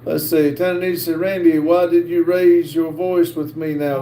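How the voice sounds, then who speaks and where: A middle-aged man with a North Carolina accent hosts a live stream and reads viewer comments aloud, halting often with "uh". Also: fairly high pitch, level tone. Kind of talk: casual live-stream chat. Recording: echoey room with faint background hiss.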